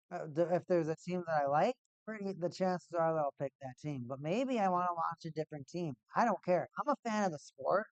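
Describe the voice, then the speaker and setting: A man's voice: a little high, fairly bright tone, smooth, no echo. A man hosting a live-stream hockey watch party, chatting casually in a rambling, laid-back way and often repeating himself. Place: at home, in a cold room.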